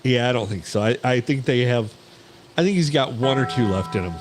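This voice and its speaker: A man's voice: mid-range voice, lively intonation, brisk, over music, low-quality recording. A male podcast co-host with a wry, dry humor in casual chat.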